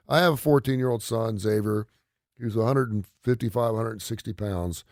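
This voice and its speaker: A middle-aged man hosting a radio talk show, telling family anecdotes in a casual, animated way and laughing often. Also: mid-range voice, normal speed, no room sound, clean studio sound. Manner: animated anecdote teller, quotes his kids, laughs often. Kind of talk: casual radio chat, storytelling.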